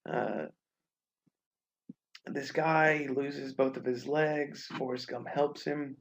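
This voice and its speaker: A man's voice: medium pitch, steady tone, slow, creaky, slight background noise, poor audio. A young man from Alabama, an English teacher telling stories in a casual online class, chatty and full of fillers. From Alabama, USA. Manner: friendly, chatty, many fillers. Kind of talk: casual webinar storytelling.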